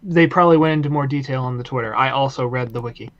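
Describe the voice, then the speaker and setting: A man co-hosting a casual podcast chat, retelling scenes with laughs and lively energy. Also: mid-range voice, fast, dull audio, crowd noise. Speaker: podcast co-host.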